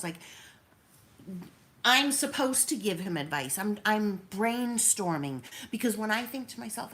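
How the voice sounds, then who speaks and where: A woman's voice: medium pitch, animated, a little slow, pauses often, a bit bright, a little hiss or hum. A woman in her fifties venting in a personal vlog, rambling and hurt as she talks through her troubles. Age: 50s. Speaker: vlogger.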